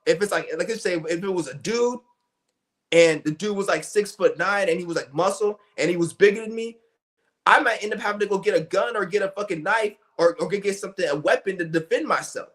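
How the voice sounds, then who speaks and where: A young man streaming a loose, profane rant, his voice sitting a little high for a man. He restarts sentences constantly and piles on fillers as he circles his point. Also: fairly quick, fairly bright tone. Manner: blunt, profane, rambling with many restarts and fillers. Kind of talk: ranting monologue.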